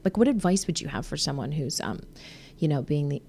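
A woman in her thirties hosting a podcast, chatting casually with her husband, animated with frequent laughs and fillers. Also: sits low, brisk, creaky, slight background noise. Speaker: podcast host.

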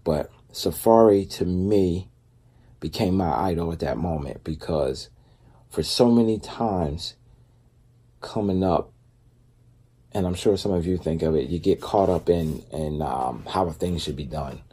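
A man speaks in a relaxed, rambling vlog style, talking through faith and everyday life with plenty of fillers and side remarks. His voice sits very low and has a dark, mellow tone. There is a husky edge to it throughout. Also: a little slow. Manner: loose, conversational, with many fillers and asides. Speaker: vlogger. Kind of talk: casual faith-based talk.

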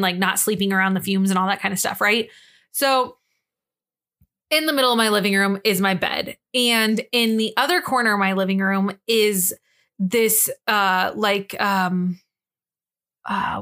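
A young woman with a mid-range voice co-hosts a podcast, telling a story in an animated, casual way. She swears freely and acts out the quotes.

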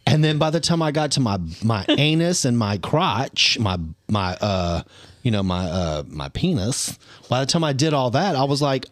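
A man hosting a podcast, telling stories in a candid casual chat with gasps and drawn-out exclamations. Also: medium pitch, big pitch swings, no room sound, studio quality. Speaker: podcast host.

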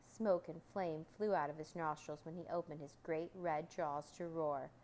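A woman reading a children's storybook aloud in a calm, steady way. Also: deep voice, normal speed, slight background noise.

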